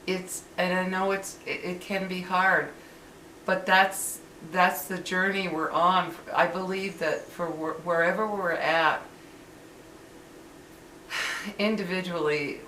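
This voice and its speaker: Older woman, deep voice, earnest rambling vlog talk, echoey room, faint hiss. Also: pushed and bright. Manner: earnest, rambling, with frequent restarts. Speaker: vlogger. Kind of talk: casual motivational talk to camera. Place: home living room, indoors. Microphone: built-in camera mic. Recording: roomy and distant with faint hiss.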